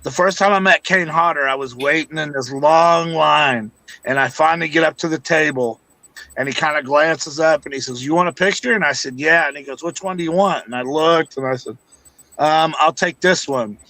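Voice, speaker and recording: A man's voice: on the high side, normal speed, gravelly, bright, forceful tone, no room sound. A man telling funny, profane stories in a casual podcast chat, as a guest who used to wrestle. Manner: profane, joking anecdote teller.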